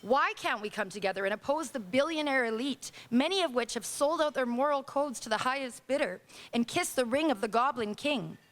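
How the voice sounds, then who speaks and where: Canadian woman poet, high voice, impassioned spoken-word delivery, live lounge reading. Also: animated, fairly quick, few pauses, fairly bright tone. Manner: impassioned, indignant declamation. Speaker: poet reading her own work. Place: small acoustic lounge, live audience.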